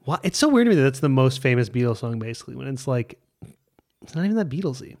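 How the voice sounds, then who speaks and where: Male podcast co-host, playful and jokey, mid-pitched voice. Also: very animated, darkish tone. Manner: playful, jokey and quick to laugh. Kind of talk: casual chat.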